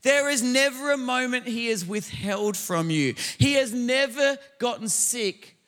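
A man preaches a sermon in a large hall, his voice high and bright. He drives each point with emphatic repetition and rising shouts. The sound carries a long reverb from the room. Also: measured pace. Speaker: pastor.

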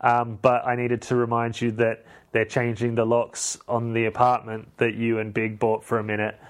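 A man's voice: medium pitch, monotone, normal speed, lightly acted. A man voicing an offhand, breezy young assistant. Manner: casual, offhand.

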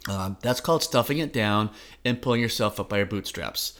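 A middle-aged podcast co-host talks in an earnest, encouraging way during casual chat. His voice is medium-pitched, unhurried and a bit bright.

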